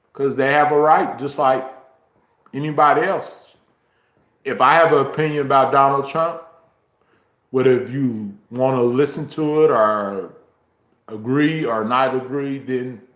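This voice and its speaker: Slow, rambling man with a drawl. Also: medium pitch, echoey room. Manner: slow, drawn-out, rambling talk with frequent ums. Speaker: YouTuber streaming a chat. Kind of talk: casual livestream chat. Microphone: phone, recorded while walking.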